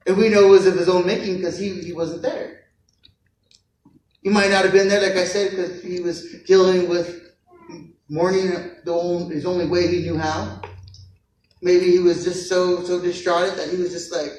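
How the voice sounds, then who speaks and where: High-voiced pastor in an echoey hall. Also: male voice, level tone, normal speed, a little hiss or hum. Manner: conversational, acts out voices of figures, repeats words. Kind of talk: casual sermon. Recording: echoey church hall from far off.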